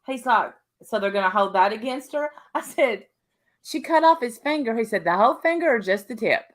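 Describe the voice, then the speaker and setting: A woman's voice: on the high side, animated, a little fast. A woman co-hosting a casual chat show, retelling stories and acting out the quotes. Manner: acts out quotes in storytelling. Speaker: podcast co-host.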